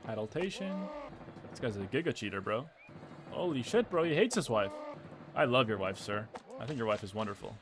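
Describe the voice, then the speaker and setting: A young man from the United States giving casual, excitable commentary over a game he is playing, often exasperated. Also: fairly low pitch, a little fast. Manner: excitable, exasperated, says "bro" a lot. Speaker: gaming video creator. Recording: game music behind the voice.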